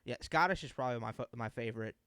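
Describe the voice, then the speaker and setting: A man's voice: mid-range voice, racing, pushed and bright, clean tone, dry recording. Laughing casual man on a podcast. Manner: laughs often, drops into impressions and accents. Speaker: podcast co-host. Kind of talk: casual chat.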